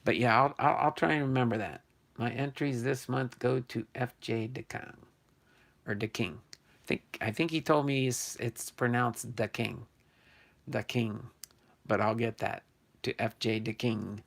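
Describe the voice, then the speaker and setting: Gravelly older man hosting a card stream. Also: medium pitch, moderate pace, a bit bright. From New Jersey. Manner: chatty, self-correcting, thinking aloud. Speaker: sports card channel host. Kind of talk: casual live stream chat.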